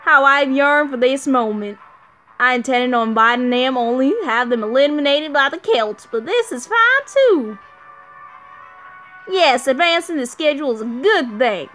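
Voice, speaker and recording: A pompous lion-headed king , put on by a woman, who holds forth in a big flat monotone. The voice sits fairly high for all its bluster. Faint music plays underneath. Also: measured pace, heavily acted. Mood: gleeful. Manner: grandiose, speechifying.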